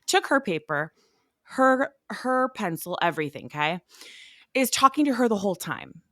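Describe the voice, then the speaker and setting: Animated woman podcast co-host, dry sound. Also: mid-range voice, moderate pace, dry recording. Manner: animated storyteller who acts out the people she quotes. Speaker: mother of young children. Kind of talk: casual chat.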